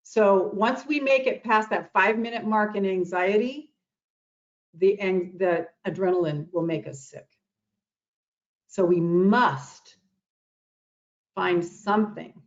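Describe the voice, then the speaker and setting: A woman's voice: on the low side, dull audio. A woman giving an earnest motivational talk on anxiety, repeating phrases for emphasis. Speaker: guest speaker on self-love and anxiety.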